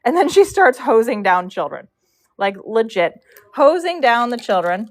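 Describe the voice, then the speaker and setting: A woman's voice: a little high, sing-song, normal speed, faint music behind. A woman live-streaming as she braids hair, telling a rambling story in a chatty way, full of fillers and asides about her work. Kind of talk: casual storytelling while working.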